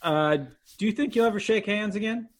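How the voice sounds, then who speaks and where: A man's voice: sits high, brisk. A man hosting a podcast, asking laid-back questions and calling out segments. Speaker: podcast host. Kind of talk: casual chat.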